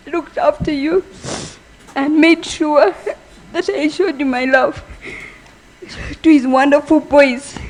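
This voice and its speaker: A woman giving a funeral eulogy for her brother, halting and emotional, speaking softly. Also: sits high, rough recording. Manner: halting, emotional, soft-spoken. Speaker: family member giving a eulogy.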